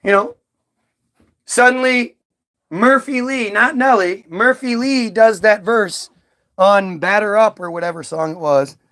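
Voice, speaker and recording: A man's voice: high-pitched, measured pace, a bit bright. A man giving a heated, profane monologue to camera, rambling with frequent restarts and trailing asides. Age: adult, old enough to recall early-2000s hits. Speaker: video commentator.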